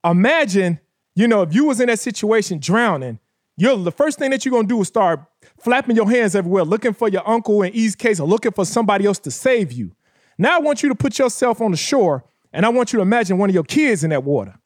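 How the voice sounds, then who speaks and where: A man's voice: high voice, sing-song, fast talker. A man co-hosting a podcast in casual chat, speaking passionately and addressing listeners directly in a motivational way. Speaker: podcast co-host.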